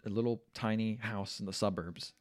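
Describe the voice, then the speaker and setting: A man's voice: fairly low pitch, steady tone, a little fast. A man hosting a podcast, casually recapping a film's plot in a rambling way. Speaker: podcast host. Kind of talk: casual movie discussion.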